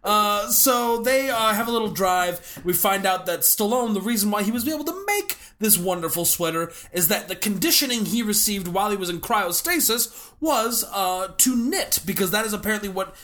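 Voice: medium pitch, lively intonation, moderate pace, few pauses, a bit bright. A co-host of a movie podcast who recaps the plot in casual chat and giggles often.

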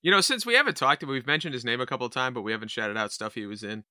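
A man's voice: medium pitch, animated, very fast, bright, forceful tone, dry recording, clean studio sound. A man co-hosting a horror film podcast, talking bluntly and sarcastically about what he watched. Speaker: podcast co-host. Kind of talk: casual film-review chat.

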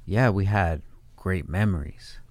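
A man's voice: low-pitched, unhurried, darkish tone, no echo. A man hosting a casual podcast, speaking in an emphatic, blunt way with plenty of slang and swearing. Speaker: podcast host.

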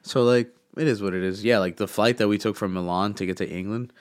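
A man's voice: on the low side, fast, dry recording. A man telling loose travel stories in casual chat, with a swollen throat and a cough drop in his mouth, swallowing close to the mic. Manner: rambling storyteller, lots of "like" and "man". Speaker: podcast guest recounting travel. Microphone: close mic picking up swallowing.

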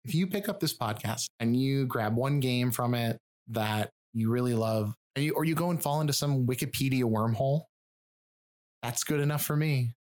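A man with a rural Michigan accent, clipping the ends of his words, hosts a podcast in a loose, chatty way. He is wry and self-mocking and swears casually. His voice sits at an ordinary middle pitch. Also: normal speed, darkish tone. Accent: rural Michigan, drops final G's and D's. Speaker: podcast host and researcher. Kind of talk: casual podcast chat with jokey asides.

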